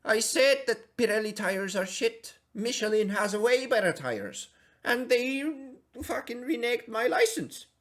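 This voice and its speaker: A man's voice: very high voice, lively intonation, unhurried, fairly bright tone, pitched above the performer's own voice, exaggerated voice. A man putting on an exaggerated Swedish accent to mock someone in a profane, ranting parody. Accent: put-on Swedish.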